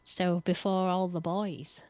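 A woman's voice: fairly low pitch, flat delivery, a little mellow, dry recording. Teasing, laughing woman co-host. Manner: teasing, quick to laugh, promotes upcoming shows. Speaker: radio show co-host. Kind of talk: casual chat.

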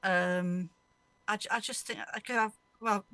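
Casting: woman radio host, middle pitch, loose chatty storyteller, dry close sound. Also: fairly even intonation, unhurried, bright, forceful tone, no room sound. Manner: rambling, anecdotal, laughs through her stories. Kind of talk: casual chat.

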